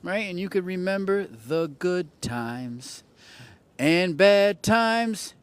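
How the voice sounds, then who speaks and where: A man's voice: high voice, expressive, slow pace, clean tone, no echo. A man hosting an astrology livestream in casual chat, playful and teasing with viewers, often repeating phrases for effect.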